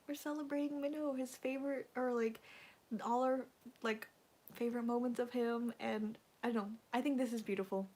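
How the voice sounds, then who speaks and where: Her voice is fairly high as a young woman rambles on a casual fan livestream. Gushing and leaning on fillers, she sounds emotional and close to crying.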